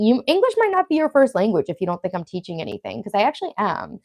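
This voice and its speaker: A woman's voice: mid-range voice, sing-song, quick pace, darkish tone, no room sound. Long island woman in her late 30s doing a live stream, swears a lot, chatty, dry close sound. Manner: chatty, profane, reads viewer comments aloud. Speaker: livestream host. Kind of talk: casual live stream chat.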